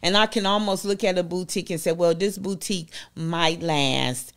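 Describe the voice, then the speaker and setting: A woman's voice: fairly low pitch, normal speed, fairly bright tone. A woman with a Southern US accent, a boutique owner talking in a folksy, chatty way as a guest in an interview. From Southern United States. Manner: chatty, folksy, peppered with "you know". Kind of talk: casual interview chat.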